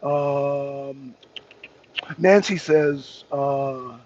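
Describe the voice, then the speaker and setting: A man's voice: mid-range voice, drawn-out words, a little mellow, slight background noise. A man hosting a talk show, riffing casually to his viewers, rambling and repeating himself, laughing often and using slang. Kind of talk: casual political commentary to viewers. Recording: dull lo-fi recording.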